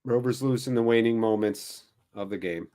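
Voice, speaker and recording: A man's voice: mid-range voice, normal speed, warm tone. A man hosting a live football watchalong, giving wry, self-deprecating commentary on the match. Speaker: watchalong host.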